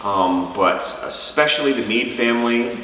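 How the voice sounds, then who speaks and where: A man's voice: medium pitch, lively intonation, moderate pace, sharp tone. A man in his thirties hosting a family vlog, talking earnestly and gratefully in a casual chatty way. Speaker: vlog host. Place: large empty house, indoors. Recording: echoey empty room, far from mic.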